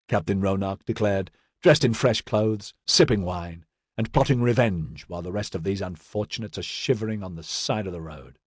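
Husky low-voiced male narrator. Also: moderate pace, darkish tone, dry recording, studio quality. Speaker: audiobook narrator. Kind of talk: scripted narration.

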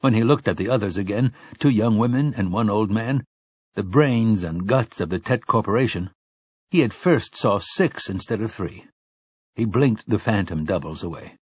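A man narrating an audiobook in a steady, measured reading. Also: lowish voice, slightly rough, no echo. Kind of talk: scripted narration.

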